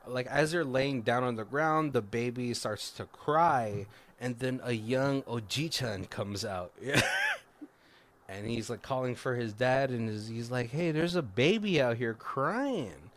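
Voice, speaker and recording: A man's voice: mid-range voice, a little slow, fairly bright tone. Rambling man recapping a film. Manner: rambling, many fillers and self-corrections, frequent laughs. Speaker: podcast co-host. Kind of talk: casual movie recap.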